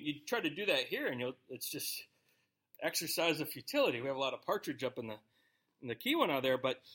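A man with a notably high voice leads a sermon, moving between reading scripture aloud and explaining it in a loose, conversational way. His delivery is animated and informal, like a pastor talking with his congregation. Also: breathy edge. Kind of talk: expository sermon.

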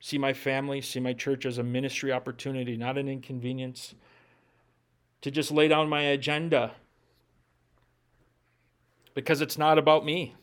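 A man, a pastor, preaching an earnest, heartfelt sermon to his congregation. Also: medium pitch.

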